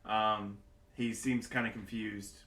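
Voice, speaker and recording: A man's voice: fairly low pitch, flat delivery, slow, heavy background noise. A man narrating as a game master in a casual way, full of fillers and asides. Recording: echoey home setup.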